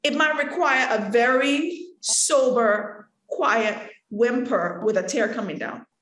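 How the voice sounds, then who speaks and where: Speaking slowly in a fairly high voice, a woman from the Caribbean teaches an acting workshop. She's animated, talks straight to the room, and acts out examples as she goes, with the recording picking up an echo.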